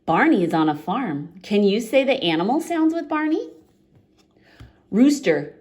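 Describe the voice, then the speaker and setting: A woman reading a picture book aloud to young children in an expressive, clear way. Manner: expressive, with big pitch swings and a slow, clear pace. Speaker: children's story reader.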